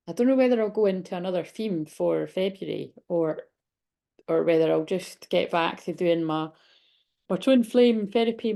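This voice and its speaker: A woman's voice: on the low side, vocal fry, mellow. A woman in her late thirties doing a chatty, rambling tarot reading vlog, hiccuping and a bit out of breath. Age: 30s. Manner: rambling, chatty, many restarts. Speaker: tarot reader.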